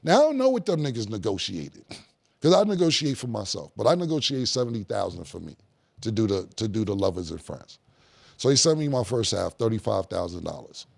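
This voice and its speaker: A middle-aged man, a guest in a podcast studio, telling stories in a casual, animated way with plenty of slang and profanity and acting out other people's lines. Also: lowish voice, fairly quick, vocal fry. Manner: animated, acts out quoted dialogue, heavy slang and profanity. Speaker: guest rapper in a studio conversation. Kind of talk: casual storytelling.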